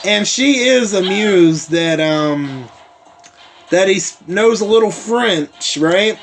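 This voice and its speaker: High-voiced man in an unhurried casual recap. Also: lively intonation, faint music behind. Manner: rambling, heavy on fillers like "like" and "uh", with casual swearing. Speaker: host recapping a TV episode. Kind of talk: casual spoken episode recap.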